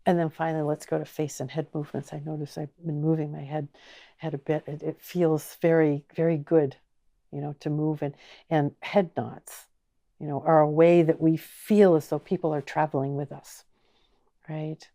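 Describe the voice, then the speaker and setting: A woman teaching an online course, speaking slowly and gently and asking the listener many inviting questions. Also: deep voice, little pitch movement. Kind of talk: guided teaching talk.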